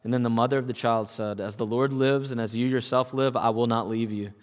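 A man reading a long Bible passage aloud in a measured, even way during a church service. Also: mid-range voice. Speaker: scripture reader. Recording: long reverb.

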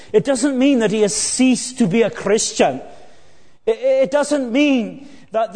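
A man preaching an evening sermon in a church, earnest, slowing down and dropping low on key phrases. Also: a little mellow. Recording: long church hall reverb.

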